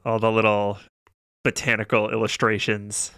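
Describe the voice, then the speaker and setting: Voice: mid-range voice, level tone, normal speed, a bit bright, clean tone, no room sound, studio quality. A game master running a tabletop session, wry and teasing with the players.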